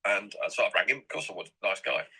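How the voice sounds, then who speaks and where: A man's voice: lowish voice, animated, fast, creaky, bright, forceful tone, husky, poor audio. A middle-aged man from England, rambling and repeating himself as an interview guest. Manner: rambling and repetitive.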